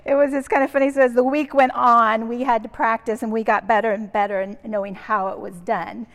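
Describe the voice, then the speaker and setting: A woman earnestly recounting a church mission trip with gentle humor and frequent "um"s, in a church hall. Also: fairly high pitch, flat delivery, brisk. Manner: earnest, warm-humored, uses fillers like um and kinda. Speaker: mission trip member sharing stories. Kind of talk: casual storytelling. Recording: reverberant hall.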